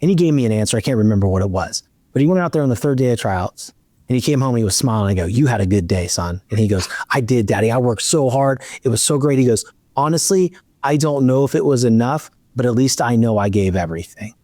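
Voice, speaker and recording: A middle-aged podcast host spins a long story in casual conversation, animatedly performing the dialogue. He speaks quickly at medium pitch, in a dry recording.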